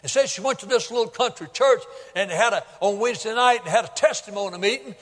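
A male pastor preaching a sermon in a folksy storytelling way, building up to shouts at the high points. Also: quick pace. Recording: long hall reverb.

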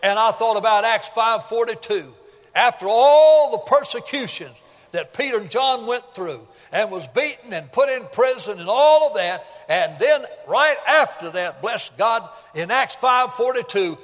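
A man's voice: high-pitched, lively intonation, a little slow. An older man preaching a folksy sermon, telling Bible stories in an emphatic, conversational way. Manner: folksy, storytelling, rises to loud emphatic peaks. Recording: long hall reverb.

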